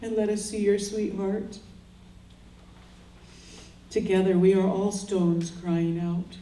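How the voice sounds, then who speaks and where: Slow, soft-voiced older woman, prayerful. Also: medium pitch, steady tone, slight background noise. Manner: earnest and prayerful, speaking in short solemn phrases. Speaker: grieving mother giving a memorial address. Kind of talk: slow heartfelt memorial speech. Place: memorial gathering. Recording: roomy sound from far off.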